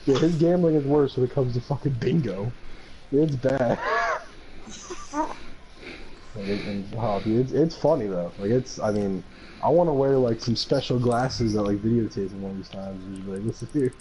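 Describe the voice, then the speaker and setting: A man's voice: medium pitch, normal speed, mellow, a little hiss or hum, low-quality recording. A man streaming a game with friends, talking in a profane, mock-angry rant broken up by laughter and put-on voices of others. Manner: puts on quoted voices of others. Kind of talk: casual gaming chat.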